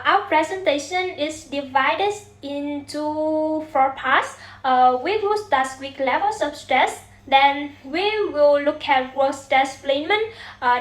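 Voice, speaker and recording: A woman's voice: high-pitched, fairly bright tone, reverberant, rough recording. A young woman with a Vietnamese accent gives a class presentation, hesitant and full of "uh" fillers. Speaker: student presenter. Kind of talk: class presentation on English stress.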